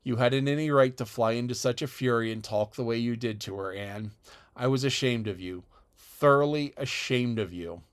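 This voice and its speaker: A man's voice: medium pitch, smooth, lightly acted. A man voicing a stern middle-aged woman guardian in an audiobook, speaking dryly and with severity. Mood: scolding. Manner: dry, severe, measured. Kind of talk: audiobook character voice.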